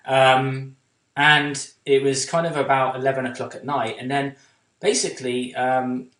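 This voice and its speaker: A man chats casually as a podcast co-host, drifting through a long story with plenty of ums and false starts. His voice sits at an ordinary middle pitch. The room around him gives a noticeable echo. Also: little pitch movement, measured pace, fairly bright tone, distant mic. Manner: rambling anecdotes full of fillers and restarts. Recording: roomy echo.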